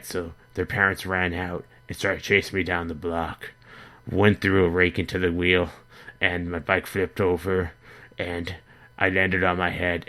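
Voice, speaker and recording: A man telling an absurd story in a deadpan, rambling comic monologue, with stammering restarts. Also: sits low. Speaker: comedy vlogger in character.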